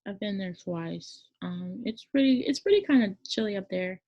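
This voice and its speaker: A woman's voice: medium pitch, lively intonation, moderate pace, mellow, dry recording. A woman teaching a casual classroom lesson, talking in a chatty, rambling way with many fillers and self-corrections. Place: near Memphis, Tennessee. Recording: dull lo-fi sound.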